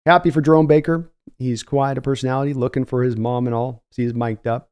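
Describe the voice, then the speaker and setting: Mellow-voiced man hosting a live stream. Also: mid-range voice, little pitch movement, fast talker, clean tone. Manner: thinks aloud, reading and answering viewer comments. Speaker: podcast host. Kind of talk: casual live-stream chat.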